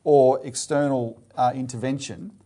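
Emphatic man, mellow voice. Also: medium pitch, steady tone, normal speed. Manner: emphatic, sarcastic, mocking voices. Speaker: co-host. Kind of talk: political commentary chat.

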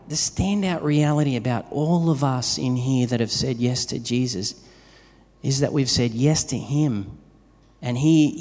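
A man's voice: mid-range voice, darkish tone. Preaching man in an echoey hall. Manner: conversational preaching with everyday stories. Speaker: pastor. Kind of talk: sermon. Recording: long reverb of a large hall.

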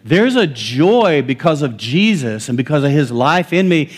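A joyful male pastor preaching a sermon from a church stage, his fairly high voice animated and emphatic. He laughs easily as he speaks, driving each point home with enthusiasm. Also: measured pace, slightly rough. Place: church sanctuary.

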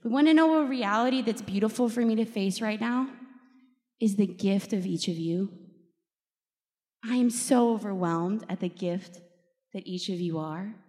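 A woman's voice: mid-range voice, moderate pace, long pauses. Emotional woman giving a faith talk. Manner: candid and emotional, laughs often, quotes people in lively voices. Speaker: speaker at a faith event. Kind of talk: personal faith talk to a live group. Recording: long hall reverb.

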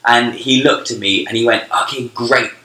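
A British man co-hosting a podcast, telling an animated, self-mocking story in casual chat. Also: mid-range voice, moderate pace, roomy sound, rough recording. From Britain. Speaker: podcast co-host.

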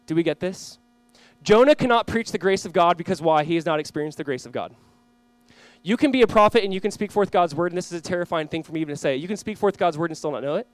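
A young male pastor delivers his sermon at a quick clip, his voice sitting a touch high. He tells stories with lots of energy and acts out the voices in them. The sound is dry and close. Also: no echo. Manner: animated storytelling, acts out quoted voices.

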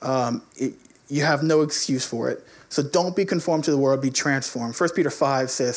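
A man preaching a sermon, quoting scripture and then telling a lively, conversational personal story. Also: mid-range voice, normal speed.

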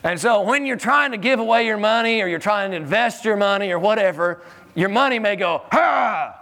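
A man preaching a sermon in a church in a conversational, animated way, often chuckling and repeating his words. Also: high-pitched, a little fast.

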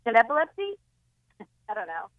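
A wisecracking woman calls in over a tinny phone line. Her voice sits a little high, and she laughs at her own jokes. The sound is dry, with no room echo. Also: sing-song, fairly quick. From Boston area, Massachusetts. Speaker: comedian guest. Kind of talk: casual comedy chat.

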